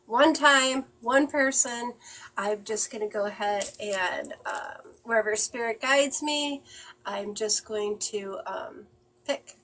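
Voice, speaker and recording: A woman medium giving a live-stream reading. She talks in halting, emotional bursts with many fillers and sighs. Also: on the high side, fairly bright tone, a little hiss or hum, rough recording.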